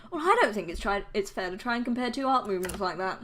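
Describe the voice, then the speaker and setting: A woman's voice: mid-range voice, animated, fast talker, a bit bright. A young woman playing a game, reading out every character's lines and joking between them. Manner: playful, voices every character in the dialogue and jokes between lines. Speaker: let's player. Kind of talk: reading a game's dialogue aloud.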